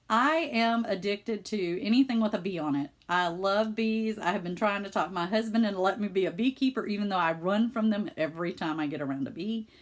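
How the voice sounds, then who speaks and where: Chatty Southern woman. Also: mid-range voice. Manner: chatty and emotional, with many fillers. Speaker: cross-stitch vlogger. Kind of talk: casual chat.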